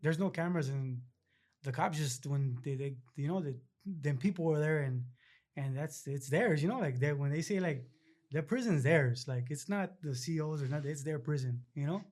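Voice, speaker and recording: A man's voice: fairly high pitch, normal speed, a little mellow. Laid-back man telling prison stories. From Los Angeles area, California. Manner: laid-back street slang, retells scenes acting out other voices. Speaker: interview guest. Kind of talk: casual storytelling interview.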